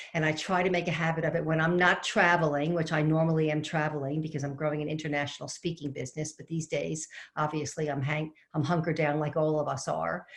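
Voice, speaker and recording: A middle-aged woman with a notably low voice, speaking from home over a video call. She is an organizing coach giving a webinar, telling a chatty family story and turning to ask her listeners questions. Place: home with fresh flowers behind her.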